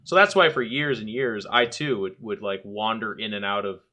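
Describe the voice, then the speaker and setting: A man's voice: on the low side, moderate pace, bright, forceful tone. A man hosting a podcast in casual chat, thinking aloud and reflecting with frequent restarts. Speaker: podcast host.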